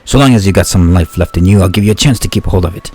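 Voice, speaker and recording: A man's voice: deep voice, rapid-fire, a little mellow, breathy edge. Man doing a taunting monster ship captain. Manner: taunting, mock-cheerful threats. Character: gloating monster ship captain, menacing male jailer. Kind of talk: reading game dialogue aloud.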